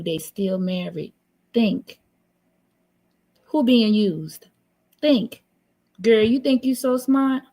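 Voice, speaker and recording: A woman's voice: medium pitch, a little mellow. Woman streamer, casual sassy commentary, blunt and teasing, computer mic. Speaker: live stream host. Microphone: computer mic on a live stream.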